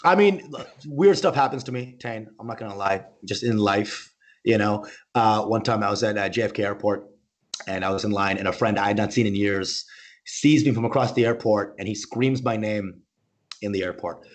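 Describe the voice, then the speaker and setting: A man's voice: lowish voice, normal speed. A male comedian doing a stand-up set, rambling, interrupting himself and laughing at his own jokes.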